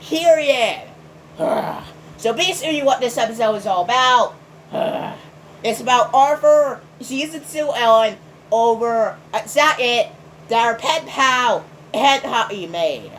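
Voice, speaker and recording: High-voiced woman sighing through an exasperated rant. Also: lively intonation, takes it slowly, slight background noise, poor audio. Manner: exasperated, sighs heavily between sentences; shouts in outbursts of indignation. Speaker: video reviewer. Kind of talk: ranting cartoon review.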